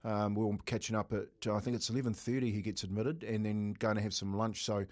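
A man's voice: on the low side, level tone, fast, a little mellow. A middle-aged man with a New Zealand accent, co-hosting a radio show and telling stories casually, laughing often. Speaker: radio co-host. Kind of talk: casual storytelling.

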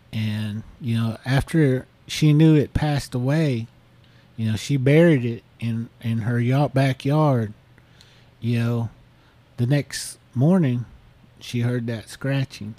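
A podcast host with a warm, medium-pitched voice, recorded without echo, casually retells a listener's story. He rambles, restarting often and leaning on fillers like "you know."

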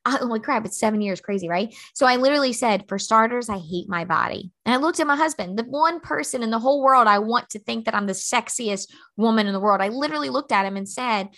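A woman's voice: a little high, fairly bright tone. A woman in her thirties hosting a podcast, telling a personal story in a chatty way with many fillers and restarts. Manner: chatty, fast, lots of "like" and restarts. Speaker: podcast host.

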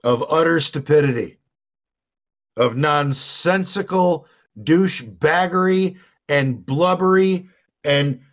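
A man's voice: a little high, dull audio. An older man co-hosting a podcast, ranting in a profane, exasperated way. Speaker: podcast co-host. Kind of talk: casual podcast rant.

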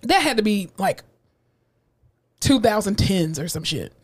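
A woman in her thirties co-hosting a podcast in casual chat, opinionated and animated, swearing and laughing often. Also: medium pitch, unhurried, husky. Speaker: podcast co-host.

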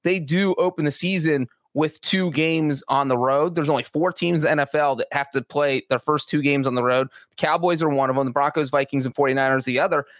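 A man's voice: fairly high pitch, fairly quick, hardly any pauses, fairly bright tone, no echo. A man co-hosting a sports podcast, talking through his views in a chatty way with frequent restarts. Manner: chatty, many restarts and asides. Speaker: sports writer and podcast co-host. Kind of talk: casual podcast analysis.

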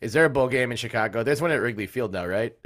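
Podcast host, male, mid-pitched, lively storyteller who jumps from loud bursts to muttered asides and swears freely. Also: quick pace. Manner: animated storyteller, swings between loud bursts and low asides; swears casually. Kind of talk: casual sports podcast chat.

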